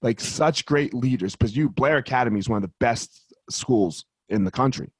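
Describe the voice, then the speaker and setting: Male host, middle pitch, dry sound, relaxed and profane. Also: normal speed, husky, no echo. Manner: relaxed, loose, swears casually. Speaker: podcast host. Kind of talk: casual interview chat.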